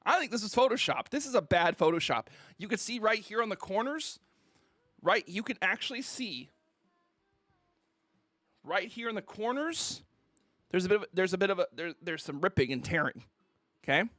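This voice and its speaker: A man's voice: high-pitched, animated, moderate pace, pauses often, fairly bright tone, dry recording, studio quality. A man streamer ranting on a casual livestream, mock-indignant and theatrical, who keeps asking "okay?".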